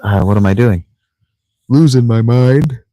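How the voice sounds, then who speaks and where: A man delivers rambling, casual gameplay commentary while tucked in a sleeping bag in a tent, joking with himself and playfully mispronouncing words. As a let's play streamer, he has a mid-range, dark voice at a measured pace, with no room sound.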